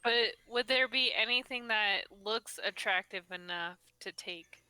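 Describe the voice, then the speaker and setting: A woman's voice: medium pitch, measured pace, bright, forceful tone, clear, resonant tone, dry recording, low-quality recording. A woman playing a tabletop game, asking the game master curious questions. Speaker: player. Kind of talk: casual game chat.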